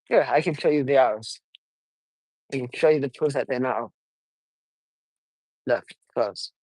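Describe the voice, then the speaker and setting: Soft-spoken eighteen-year-old man rambling slowly. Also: mid-range voice, no room sound, low-quality recording. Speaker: vlogger. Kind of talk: casual walking vlog. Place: outdoors on a suburban walk. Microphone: wireless earbuds.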